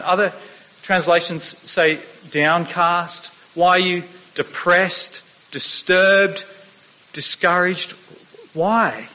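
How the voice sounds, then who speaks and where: Male preacher, bright and slightly high, earnest and halting, in a reverberant church hall. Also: steady tone. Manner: earnest, stammering restarts, slows for quoted scripture. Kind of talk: sermon.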